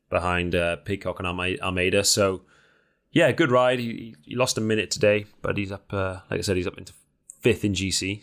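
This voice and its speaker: A man co-hosting a podcast, chatting casually with animated, teasing banter. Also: sits low, creaky. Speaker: podcast co-host. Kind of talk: casual chat.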